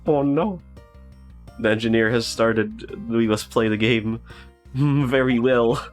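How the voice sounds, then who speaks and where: A man's voice: medium pitch, slow pace, soft background music. A man streaming a story game, chatting casually with lots of laughs and fillers. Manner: giggly, rambling, many fillers.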